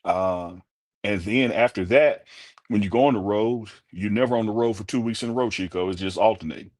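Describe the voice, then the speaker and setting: A man's voice: on the low side, brisk, a little mellow, dry recording, clean studio sound. A man co-hosting a casual sports talk show, laid-back and teasing his co-hosts. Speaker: co-host.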